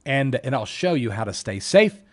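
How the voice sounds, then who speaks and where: A man's voice: medium pitch, big pitch swings, normal speed. A man teaching an online trading class, talking emphatically with a salesman's push and acting out what other traders say. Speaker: trading instructor.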